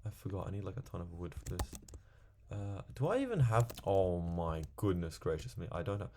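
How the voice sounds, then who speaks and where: Gravelly, low-voiced gamer rambling. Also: male voice, big pitch swings, brisk, noisy background. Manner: rambling, chatty, talks to himself while playing. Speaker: gaming video creator. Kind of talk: casual gameplay commentary.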